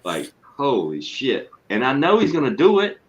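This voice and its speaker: A man's voice: mid-range voice, normal speed, background noise. A man hosting a casual stream, swearing freely and reading out chat messages. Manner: profane, excitable, reads chat aloud. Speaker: streamer host. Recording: muffled lo-fi mic.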